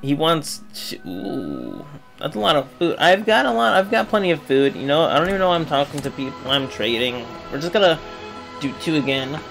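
A young man giving casual, rambling commentary over a retro game, swinging from mumbling asides to loud excited outbursts. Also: on the high side, fairly quick, gravelly, soft background music. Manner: rambling, excitable, yelps and laughs when the game goes wrong. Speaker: gaming video creator.

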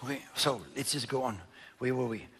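A man preaching a sermon, reading scripture aloud and commenting on it with emphatic swings between loud declarations and low murmurs. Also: steady tone, brisk.

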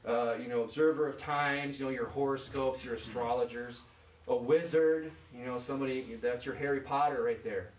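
A male pastor from Michigan preaching loosely and conversationally, peppering his talk with "you know" and questions to the pews. His voice sits at an ordinary middle pitch and is picked up from a distance, ringing around a reverberant church room with a faint hiss underneath. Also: fairly even intonation, moderate pace. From Michigan, USA. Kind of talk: informal sermon. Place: church sanctuary. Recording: echoey church, voice from far off.

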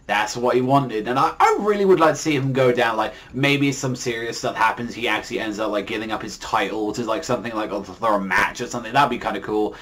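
A man's voice: mid-range voice, fast, hardly any pauses, a bit bright. A man in a middle register talks through a comic chapter in an easy, offhand review. His delivery is loose and heavy with slang, with plenty of cursing and fillers as he rambles on. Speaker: manga reviewer. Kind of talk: casual spoken review.

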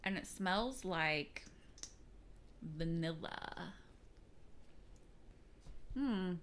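Playful woman with a lively, lowish voice. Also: drawn-out words. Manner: playful, silly asides and mock-dramatic quips. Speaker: beauty vlogger. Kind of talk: casual makeup tutorial.

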